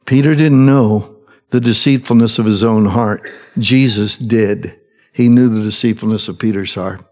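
A male pastor preaching a sermon with fervent emphasis, at times dropping to soft, quiet lines. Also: on the low side, normal speed. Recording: long hall reverb.

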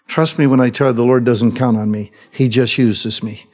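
A man preaching from the pulpit with fervent emphasis, his voice carrying a long reverb through the hall. His pitch sits in an ordinary middle range for a man. He swings from pressing, heated lines to soft, quiet ones. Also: fairly even intonation, moderate pace, few pauses, slightly rough. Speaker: pastor. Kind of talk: sermon.

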